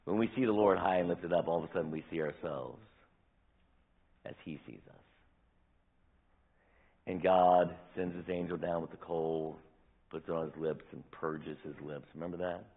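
A male pastor preaching a sermon with animated delivery, acting out scripture quotes, his voice tiring. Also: low voice, moderate pace, long pauses, husky, phone-quality sound. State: voice tiring, dry throat. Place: church sanctuary.

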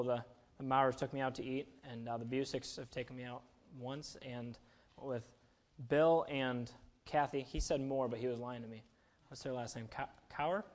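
A man's voice: mid-range voice, darkish tone. A young man giving a casual, chatty sermon, self-deprecating and full of fillers. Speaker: preacher.

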